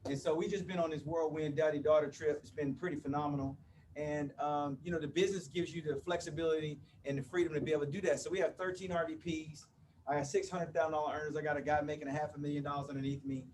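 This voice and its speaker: Fifty-ish guy, kinda high voice, joking w the crowd at a live talk, mic sounds far off. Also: level tone, fast talker, noisy background. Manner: playful, banters with the crowd, often asks "you with me?". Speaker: motivational speaker. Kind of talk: live motivational talk to an audience. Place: event room before a live audience.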